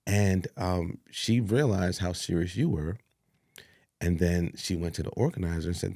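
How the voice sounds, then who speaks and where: A man telling an animated story in a sit-down interview, acting out what people said and laughing along. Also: deep voice, normal speed, dry recording, clean studio sound. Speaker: executive producer.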